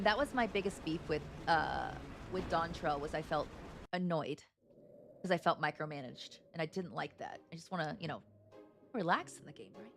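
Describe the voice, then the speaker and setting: Chatty woman streaming a game. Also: on the low side. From United States. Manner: chatty, greets chat viewers while playing. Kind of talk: casual gaming livestream chat.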